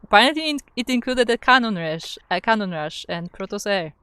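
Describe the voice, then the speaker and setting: A woman's voice: medium pitch, expressive, brisk, fairly bright tone, smooth, dry recording. A woman casting an esports match live, chatting casually with many fillers and reading the chat aloud. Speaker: esports caster. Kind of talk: casual live game commentary.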